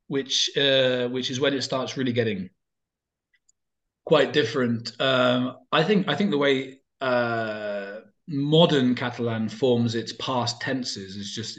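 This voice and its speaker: A man chatting casually as an interview guest, talking in loose, rambling sentences full of fillers and restarts. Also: medium pitch.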